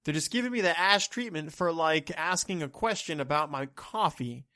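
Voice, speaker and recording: Guy ranting alone, kinda high voice, swears a lot, rambles, dry no-room sound. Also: lively intonation, normal speed, pushed and bright, dry recording. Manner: exasperated, profane, rambling. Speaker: podcaster. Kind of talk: solo rant monologue.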